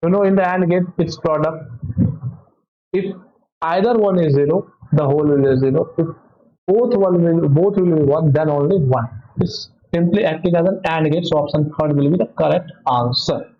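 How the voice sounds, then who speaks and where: A man with an Indian English accent, a physics teacher walking through test solutions in a halting way, often correcting himself. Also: fairly high pitch. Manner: halting, self-correcting explanation with many "okay"s. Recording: dull lo-fi audio.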